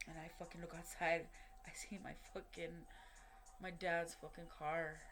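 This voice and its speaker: A woman's voice: on the low side, little pitch movement, normal speed, fairly bright tone, slight background noise. Woman telling a story with lots of cursing. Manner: rambling and heavily profane, with many fillers and restarts; re-enacts what people said in quoted dialogue. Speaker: vlogger telling a personal story. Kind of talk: casual spoken storytelling.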